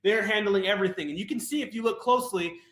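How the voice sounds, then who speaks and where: A man presenting a sales webinar, fast and hyped, often asking "right?" and talking to "you guys". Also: high voice, fairly bright tone, reverberant.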